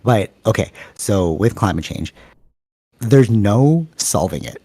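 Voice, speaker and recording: A man co-hosting a podcast in casual chat, talking quickly and animatedly, rambling from thought to thought over a video call. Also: fairly low pitch, expressive, dark tone, husky, no echo. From Canada. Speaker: podcast co-host.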